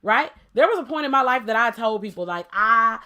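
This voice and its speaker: A woman's voice: a little high, lively intonation, fairly quick, bright, forceful tone. A woman co-hosting a casual podcast debate, talking emphatically and playfully and firing off rhetorical questions. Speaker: podcast co-host.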